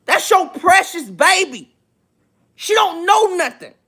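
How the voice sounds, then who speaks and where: A woman speaking on a gossip livestream with a noticeably high voice. She lectures her viewers in a preachy, insistent way and circles back to repeat each point for emphasis. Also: very animated, slow pace, sharp tone. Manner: preachy, repetitive, emphatic, asks for amens. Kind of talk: livestream commentary.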